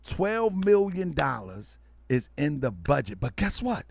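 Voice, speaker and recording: A loud, hyperactive man hosting a livestream, talking to his viewers as family and repeating himself for emphasis. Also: a little high, sing-song, a little slow, creaky, dry recording. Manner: preachy, calls listeners family. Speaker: online show host.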